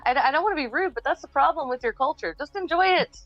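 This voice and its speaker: A woman's voice: sits high, expressive, fast, no room sound, highs cut off, soft background music. A woman joking and teasing in casual group chat on a livestream, over a call mic.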